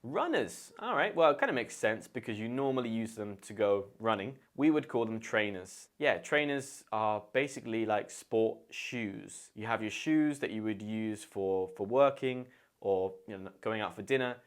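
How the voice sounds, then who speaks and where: A man's voice: lowish voice, animated, moderate pace. A man with a British accent explaining English words in a chatty, playful way as an English teacher.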